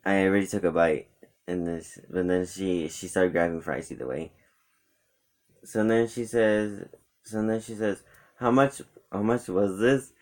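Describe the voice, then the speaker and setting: A young man telling a rambling, animated story about a day out with friends in a casual vlog, acting out what his friends said. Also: low-pitched, moderate pace. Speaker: vlogger.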